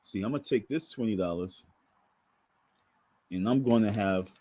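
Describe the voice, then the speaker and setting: Husky man ranting and scolding. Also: lowish voice, moderate pace, dark tone. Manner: scolding, profane, repetitive. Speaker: vlogger. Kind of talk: ranting monologue to camera.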